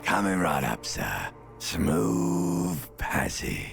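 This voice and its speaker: An actor voicing an ancient reptilian brain in a video game, slow, lulling and intimate, gravelly male voice. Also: extremely low pitch, sing-song, fairly bright tone, heavily acted. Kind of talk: game voice acting. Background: faint game music.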